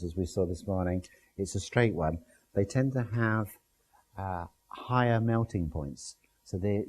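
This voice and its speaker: Man with a low, dark, husky voice lecturing. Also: low-quality recording. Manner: explanatory, with everyday comparisons. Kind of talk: classroom lecture with slides.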